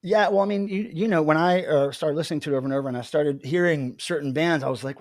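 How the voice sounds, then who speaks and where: A man's voice: fairly high pitch, quick pace, hardly any pauses, no room sound, studio quality. A man hosting a live video chat, talking casually and animatedly, laughing often. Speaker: livestream host.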